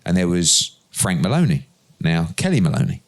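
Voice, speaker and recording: A middle-aged man, an interview guest, telling lively anecdotes and acting out the dialogue in them. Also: low-pitched, moderate pace. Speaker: interview guest, boxing promoter. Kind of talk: conversational storytelling.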